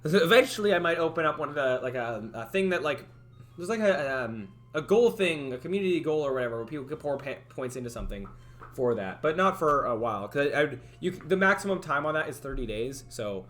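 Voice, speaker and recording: A young man talks loosely to his livestream viewers from a desk mic and trails off mid-thought. His pitch jumps around lively, and his voice has a bright, forward edge. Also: brisk. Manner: rambling, hesitant, full of fillers and restarts. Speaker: streamer. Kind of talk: casual livestream chat. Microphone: headphones with a desk mic.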